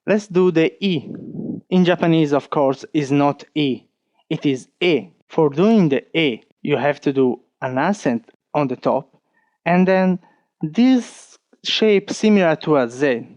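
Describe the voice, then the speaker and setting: A man with an Italian accent, teaching an online lesson, talking slowly and patiently and counting strokes aloud. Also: on the high side, expressive, darkish tone, no echo, muffled recording. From Italy. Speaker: language teacher.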